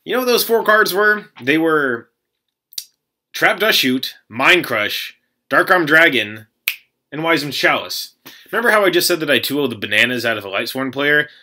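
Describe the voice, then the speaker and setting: Bright-voiced young man rambling a story. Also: fairly high pitch, moderate pace. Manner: rambling, animated, many fillers and restarts. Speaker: card game player recounting a tournament. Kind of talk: casual storytelling to camera.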